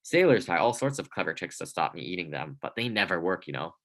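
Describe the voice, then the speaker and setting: A giant, vain sea monster, voiced by a man reading aloud, smug and theatrical in a storybook reading. Its voice is deep and low. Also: big pitch swings, fast.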